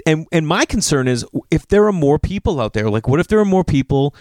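Guy telling a wild story, super lively voice going up and down, cussing, dry close sound. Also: fairly high pitch, fairly quick, no echo. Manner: animated, profane, acts out quotes. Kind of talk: casual storytelling.

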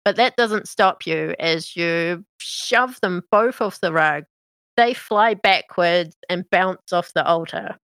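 Slow, bright-voiced woman game master. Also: on the low side, no room sound. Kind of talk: narrating a tabletop game.

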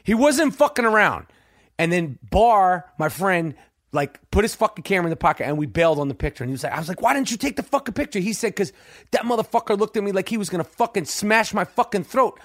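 High-voiced, profane, animated podcast man. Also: fast talker, no room sound, clean studio sound. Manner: animated, profane, swings pitch acting out quotes. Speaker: podcast host. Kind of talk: profane storytelling monologue.

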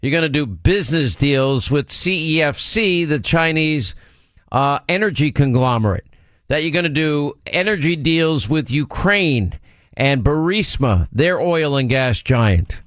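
A man hosting a political talk radio show, pressing his points with emphasis and wandering between them. His voice sits slightly high for a man. The studio sound is close and dry. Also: lively intonation, a little slow, fairly bright tone, no echo. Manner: emphatic, digressive, teasing banter.

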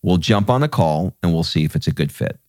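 Brash, lively man hosting a podcast. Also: sits low, brisk, no room sound, studio quality. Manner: brash, joking, salesy. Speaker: podcast host. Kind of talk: casual podcast chat with his wife.

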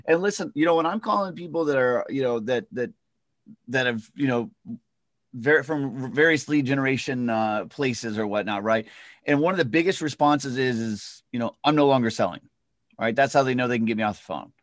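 Rambling real estate agent on a dry mic. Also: male voice, medium pitch, moderate pace, a bit bright, no room sound. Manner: loose, rambling, full of fillers and restarts. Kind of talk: casual podcast chat.

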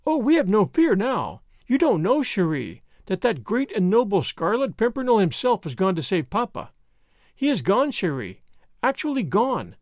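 A man voicing an excitable, chattering young French noblewoman in a storybook reading, gushing along breathlessly. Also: high voice, normal speed, dry recording, clean studio sound. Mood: excited.

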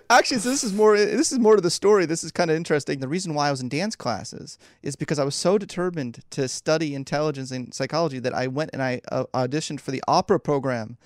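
Brief: man, podcast guest, lively storyteller, laughs a lot, dry close sound. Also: fairly high pitch, fast, no room sound. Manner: animated, laughs often, acts out quotes. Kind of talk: casual interview storytelling.

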